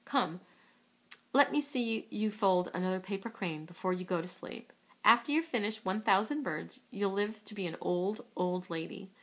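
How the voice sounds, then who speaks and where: A woman reading aloud, voicing a kindly adult nurse who is firm but gentle with her young patients. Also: medium pitch, expressive, moderate pace. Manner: firm, reassuring. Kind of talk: storybook read-aloud.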